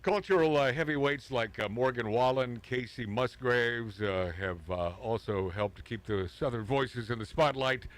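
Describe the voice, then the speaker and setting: A man's voice: medium pitch, moderate pace, few pauses, a bit bright. Male talk radio host, joking banter, breaks into laughs while reading news items. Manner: jokey, laughs often, reads news items aloud.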